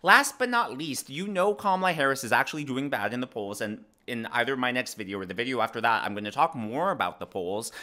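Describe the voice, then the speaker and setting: A young man raised in the American South giving casual political commentary to his viewers, with lots of fillers and restarts. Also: mid-range voice. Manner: animated, frequent fillers and restarts.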